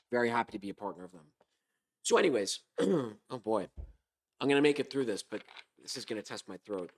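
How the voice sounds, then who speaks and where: A man hosting a comedic podcast monologue, hoarse from a sore throat, with a sarcastic, rambling delivery. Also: mid-range voice, lively intonation, brisk, long pauses. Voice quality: hoarse, smoker-like. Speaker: podcast host.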